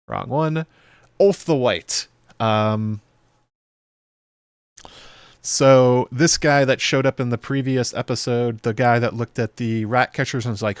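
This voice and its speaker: A man hosting a video show, talking through a TV episode in loose, chatty commentary full of fillers and quick playful impressions. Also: medium pitch, no room sound, clean studio sound. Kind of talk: casual episode breakdown commentary.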